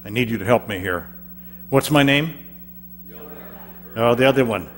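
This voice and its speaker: A man's voice: mid-range voice, expressive, moderate pace. A man preaching a first-person character sermon in a church, telling the story in a theatrical, chatty way with stammered repeats. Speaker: pastor. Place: church hall. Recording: church hall reverb with faint hum.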